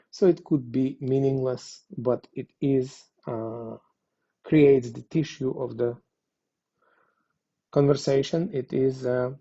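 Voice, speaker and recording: A man's voice: mid-range voice, steady tone, slow, dark tone, muffled recording. A man teaching a Spanish lesson, explaining patiently with frequent fillers. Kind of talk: language lesson.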